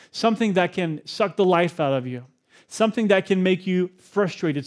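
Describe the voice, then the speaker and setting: A man with a notably high voice for a man preaches a sermon from the pulpit. He keeps it conversational and drops in playful, joking asides between his points. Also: a little mellow. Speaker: pastor.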